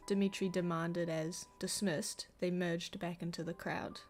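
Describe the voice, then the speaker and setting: A woman casually reading a novel aloud, with chatty asides between passages of unhurried narration. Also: fairly low pitch, level tone, darkish tone, soft background music. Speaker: reader.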